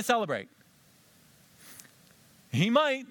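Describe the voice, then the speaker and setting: A male pastor delivering a lively sermon in a slightly high voice. He acts out little conversations with a volunteer. The sound is close and dry. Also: moderate pace, no room sound.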